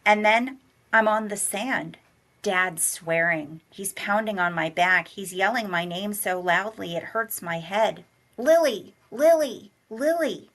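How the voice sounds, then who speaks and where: A woman reading a novel aloud in a measured, soft-spoken way, slowing down on the somber passages. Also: fairly low pitch. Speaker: college director and humanities teacher reading aloud.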